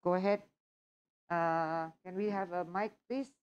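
A woman's voice: on the low side, steady tone, unhurried, smooth, lo-fi sound. A woman instructor, answering audience questions in a live workshop and checking often that she is understood. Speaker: test preparation instructor.

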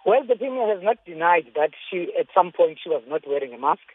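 Husky spokeswoman on a tinny phone line. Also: lowish voice, lively intonation, fairly quick, no echo. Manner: firm, defensive answers. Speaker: government spokesperson. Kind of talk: interview by phone.

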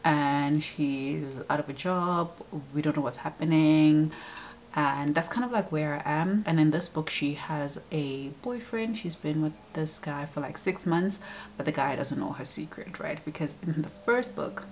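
A woman's voice: deep voice, unhurried, darkish tone, slight background noise, low-quality recording. A young adult woman chatting casually as a vlogger, retelling a book's story with many fillers and acted-out lines. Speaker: book vlogger. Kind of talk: casual chat.

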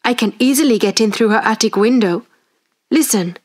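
A woman voicing a loyal, kind male servant in a storybook, calm and reassuring. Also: a little high, moderate pace, natural voice.

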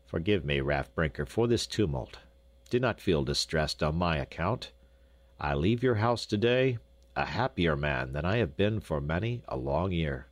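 A man's voice: sits low, lively intonation, moderate pace, no room sound. A man voicing a grieving elderly Dutch doctor who breaks down over his lost son. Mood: grave. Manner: sobbing, broken, then grave.

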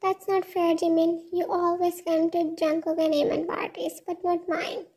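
Loud demanding young woman, read by a woman, very high pitch, mellow. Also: flat delivery, normal speed. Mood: bossy. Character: bossy young woman friend throwing a party.

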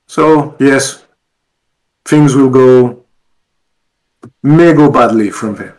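A man with a French accent talks as a guest at a mid pitch. He hesitates and restarts often but stays easygoing. French is his first language. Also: very slow, darkish tone, poor audio. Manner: hesitant, many fillers, easygoing. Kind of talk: casual interview chat.

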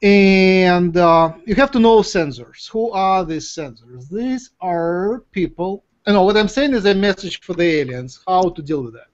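A man with a high voice from the former Soviet Union hosts a casual webinar, explaining things earnestly at a measured pace with hardly any pauses. He repeats phrases and speeds up when he gets into an explanation. The webinar audio is dull and lo-fi.

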